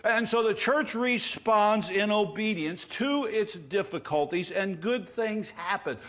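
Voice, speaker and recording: A pastor preaching a sermon, explaining a passage earnestly with emphatic rises and wordplay. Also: male voice, high-pitched, unhurried, a bit bright. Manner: self-described wordsmith, plays with words.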